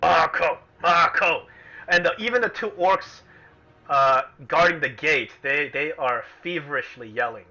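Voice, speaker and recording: A man narrating as game master of a tabletop game, animated and breaking into chants and shouts. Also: on the high side, moderate pace. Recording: dull lo-fi recording with music.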